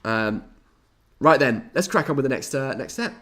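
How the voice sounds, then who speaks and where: Animated man chatting on a stream. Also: medium pitch, moderate pace. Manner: animated, chatty and playfully dramatic. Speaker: hobby streamer. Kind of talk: casual live-stream chat.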